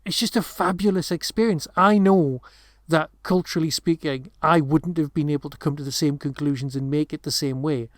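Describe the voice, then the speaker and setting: A man co-hosting a podcast chats casually about a film, rambling with many restarts and asides. His voice is a little high and brisk, with hardly any pauses, in a clean studio recording with no room sound.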